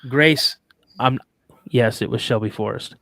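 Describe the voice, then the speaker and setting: A man guest on a podcast, casually telling a story in an animated way, acting out quoted dialogue and often restarting his sentences. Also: medium pitch, a little slow, creaky, no echo.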